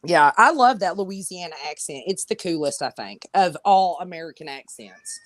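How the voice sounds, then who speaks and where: A woman's voice: lowish voice, animated, normal speed, dry recording. A woman co-hosting a casual podcast, brash and profane with folksy slang. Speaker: co-host.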